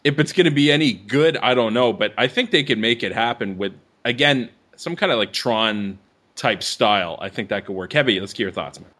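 A man's voice: mid-range voice, animated, fairly quick, a bit bright. A man hosting a casual movie-news podcast, loose and profane, laughing often. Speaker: podcast host.

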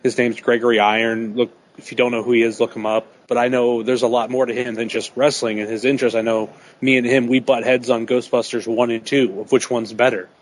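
Male podcast host, casual chat, rambling, laid-back, average pitch. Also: little pitch movement, fairly quick, poor audio.

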